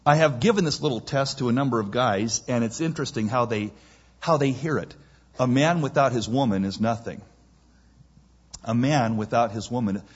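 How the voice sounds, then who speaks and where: A man's voice: mid-range voice, normal speed, breathy edge, dull audio. A man preaching a sermon, who reads scripture aloud and then retells it in everyday speech, acting out the quoted lines with drama. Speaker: pastor. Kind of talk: expository sermon.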